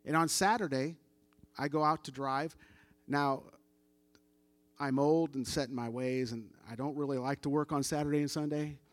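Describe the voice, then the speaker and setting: A man's voice: a little high, fairly even intonation, normal speed, no echo. A middle-aged man telling a story as a church testimony, casual and conversational, acting out the dialogue of the people he quotes. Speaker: church member giving testimony.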